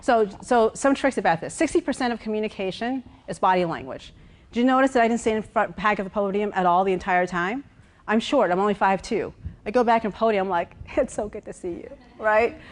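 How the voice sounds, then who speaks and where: A woman executive coach giving a lively workshop talk, walking around as she speaks, repeating words and checking in with her listeners. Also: medium pitch, fairly quick. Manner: walks around while speaking.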